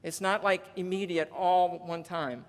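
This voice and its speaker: A large hall's long reverb surrounds a union legislative presenter who reads out donor names and counts down in a chatty conference speech. The mid-range voice is a little slow, with fairly even intonation.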